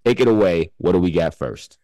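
Brief: male podcast host, very low voice, dry close sound, jokey and quick to laugh. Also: animated, warm tone, dry recording. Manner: joking, laughs often, steers the talk. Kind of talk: casual chat.

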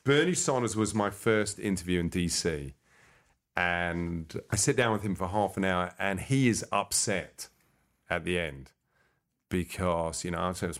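A man, a comedian guest, telling stories in a casual interview in an animated way. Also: deep voice. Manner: animated, quick to slip into voices.

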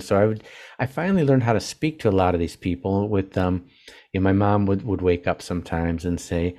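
An older man, an author guest in an interview, talking casually in a halting, earnest way with many restarts. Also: deep voice, darkish tone.

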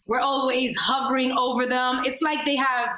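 High-voiced woman with a New York accent. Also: moderate pace, echoey room. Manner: animated, emphatic, laughs often. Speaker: podcast guest. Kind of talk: casual interview chat.

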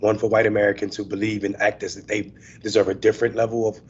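A man's voice: lowish voice, level tone, quick pace, a little mellow, slightly rough, dull audio. A man serving as guest co-host, giving earnest commentary and often stopping to restart his sentences. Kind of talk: casual commentary.

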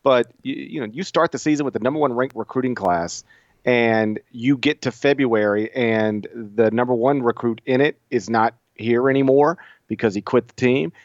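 A man in his thirties co-hosting a sports podcast, bantering in animated, laughing casual chat. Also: mid-range voice, normal speed, no room sound. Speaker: podcast co-host. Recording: dull, lo-fi sound.

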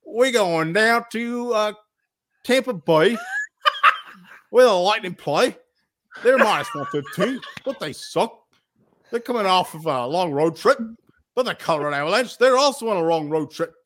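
A man putting on a rowdy, over-the-top fake Australian voice, sitting higher than his usual talk and lurching up and down in pitch. The delivery is hammy and profane, with laughs breaking through. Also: lively intonation, a little slow, pauses often, fairly bright tone. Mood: joking. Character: rowdy man faking a bad Australian accent.

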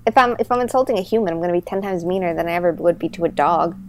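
A woman in casual podcast chat, telling stories in an animated, chatty way with many fillers. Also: fairly low pitch, racing, slight background noise.

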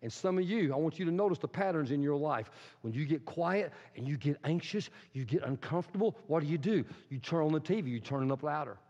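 A man's voice: fairly high pitch, lively intonation, fast, few pauses, darkish tone. A man preaching an impassioned, emphatic sermon as pastor in a church. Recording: echoey hall, dull sound.

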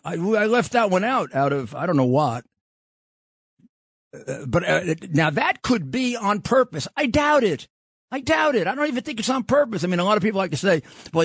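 A man's voice: on the high side, no room sound. A man hosting a political talk show, talking bluntly and rambling, with frequent restarts. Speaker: podcast host.

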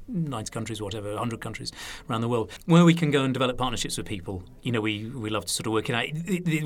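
A man with a slightly northern English accent, a wine TV presenter telling anecdotes as a guest in a casual interview. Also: medium pitch. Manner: lively anecdotal storyteller.

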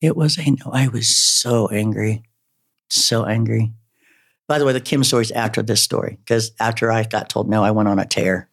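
A man telling his life story in a casual, rambling way, halting often with fillers and turning self-mocking. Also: fairly low pitch, fairly even intonation. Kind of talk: personal storytelling.

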